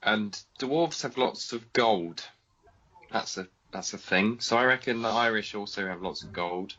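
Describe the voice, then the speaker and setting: A man co-hosting a podcast, speaking in a hesitant, deadpan way in casual chat. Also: on the low side, measured pace, lo-fi sound. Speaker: podcast co-host.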